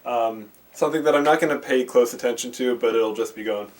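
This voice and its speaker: Brisk and darkish in tone, a man's mid-range voice vlogs about VHS tapes from his bedroom. The camcorder's handheld mic adds faint hiss, and his rambling is thick with fillers and self-interrupting restarts.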